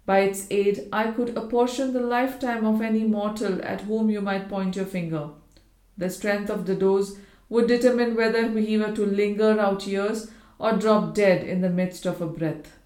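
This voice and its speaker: A woman's voice: medium pitch, darkish tone, lightly acted. A woman reading as a proud male scientist. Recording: roomy echo.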